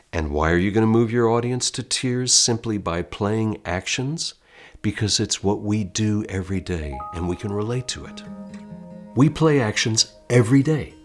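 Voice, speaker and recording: A deep-voiced American man who teaches acting in an online lesson, his pitch swinging widely as he talks. He speaks straight to the viewer in a direct, theatrical way, as if addressing a class. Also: a bit bright.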